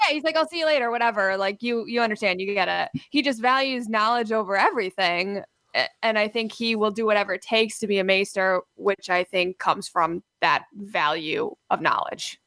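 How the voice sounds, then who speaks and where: Animated woman with a smooth voice. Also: medium pitch, normal speed, dry recording. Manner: animated, blunt opinions. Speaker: podcast co-host. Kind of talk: casual podcast chat.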